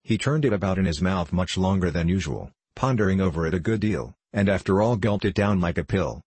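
A man reading a classic novel aloud as an audiobook narrator, in a measured, even storytelling manner. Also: low-pitched, slightly rough, no room sound.

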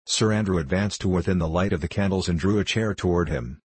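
A man reading a story aloud as narrator, with measured, even storytelling. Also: deep voice, husky, no echo. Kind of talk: audiobook narration.

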